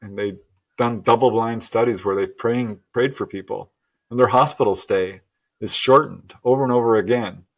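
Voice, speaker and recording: A middle-aged man as a guest, telling a personal story earnestly and with animated laughs. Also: fairly low pitch, normal speed. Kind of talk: storytelling interview.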